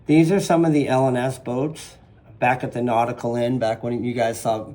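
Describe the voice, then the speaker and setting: Sitting in his living room for a casual interview, a man in his fifties with a Southern US accent, originally from southern Louisiana and raised in Nevada, spins lively stories from his days as a jet ski racer, now retired. His pitch is medium and his speed normal, and he performs the voices he quotes. The room sounds roomy, with faint ambience.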